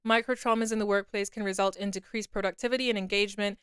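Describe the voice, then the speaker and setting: A woman's voice: mid-range voice, fairly even intonation, fast, a bit bright, smooth, no room sound, studio quality. Candid young woman, podcast monologue. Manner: candid, confessional, repeats herself. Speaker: podcast host.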